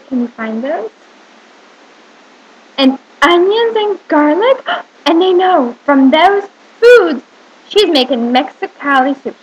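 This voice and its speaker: A woman teacher reading a picture book aloud to young children, with animated storytelling and questions to the listener. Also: very high-pitched, slight background noise, low-quality recording.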